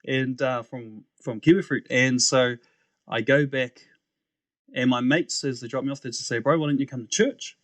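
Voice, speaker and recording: A young man recounts his story as a podcast guest, speaking at an ordinary mid pitch. He talks casually and animatedly, mimicking the people he quotes and laughing as he goes. The sound is dry and close, with no room echo. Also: normal speed. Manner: animated, acts out quoted voices, laughs often.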